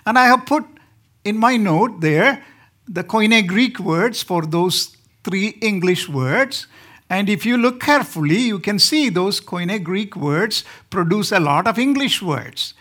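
A man's voice: sits high, lively intonation, unhurried, sharp tone. A man from India with an Indian accent, preaching as a guest speaker and joking with the congregation. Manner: joking, asks the congregation questions. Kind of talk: sermon.

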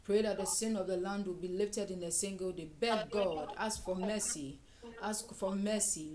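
A woman's voice: mid-range voice, normal speed, crowd noise. A woman leading a fervent prayer session, repeating lines and breaking into tongues. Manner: fervent, repetitive, with bursts of speaking in tongues. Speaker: prayer leader.

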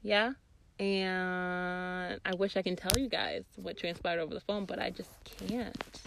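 A young woman vlogger telling a story in a casual, profane, animated way, often laughing. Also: on the low side, a little slow, gravelly, slight background noise.

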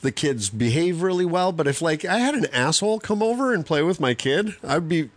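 A man's voice: a little high, very animated, a little fast, no echo. A man co-hosting a podcast who is a parent, joking in casual chat and repeating his points for emphasis.

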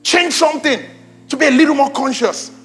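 A young man preaching a sermon to his congregation, animated, swinging between loud exclamations and hushed emphasis, repeating lines for emphasis. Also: very high voice, a little fast, faint music behind. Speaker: pastor. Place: church auditorium with congregation.

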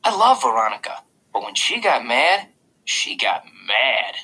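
Male audiobook reader, casual and confiding, lively delivery with a bright, slightly husky tone. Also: mid-range voice, measured pace, poor audio. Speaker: audiobook narrator. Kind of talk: first-person audiobook narration.

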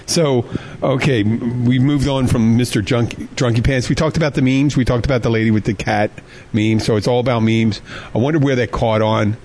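A man's voice: mid-range voice, fairly even intonation, fairly quick, hardly any pauses, a little mellow. Male radio host, casual banter, cracks jokes, swears freely, faint background noise. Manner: joking, tells jokes with voiced characters; swears freely, laughs often.

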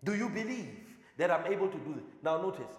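A man's voice: high-pitched, expressive, fast. A man preaching a sermon, firing questions at the congregation and repeating phrases for emphasis. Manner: call-and-response questioning, emphatic repetition. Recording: echoey hall with long reverb.

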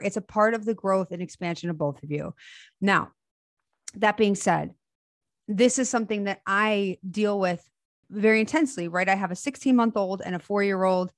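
A woman's voice: medium pitch, no echo, clean studio sound. A woman in her thirties hosting a podcast, talking casually and enthusiastically in spiritual terms. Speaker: podcast host. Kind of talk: casual conversation.

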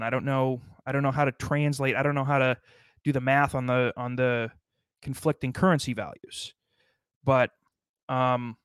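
A man's voice: mid-range voice, dry recording. A man delivering a rambling, sardonic comedic monologue, swearing constantly as he riffs.

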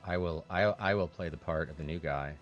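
A man running a tabletop game as game master, halting, with many fillers and restarts. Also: deep voice, muffled recording, faint music behind.

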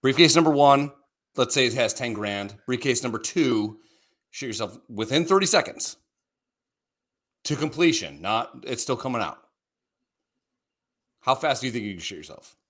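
A man's voice: mid-range voice, animated, moderate pace, long pauses, a bit bright. A middle-aged man co-hosting a podcast in crude, rambling casual chat, swearing freely and laughing often. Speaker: podcast co-host.

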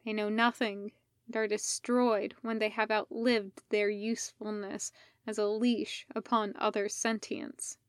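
A woman's voice: mid-range voice, flat delivery, no echo, clean studio sound, lightly acted. A woman doing a grave, weary Jedi man. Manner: quiet, strained and measured.

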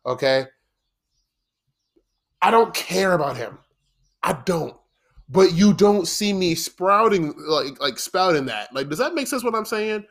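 A man hosting a solo podcast, talking bluntly and profanely in a rambling rant full of "okay?" asides. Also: fairly high pitch. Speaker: podcast host.

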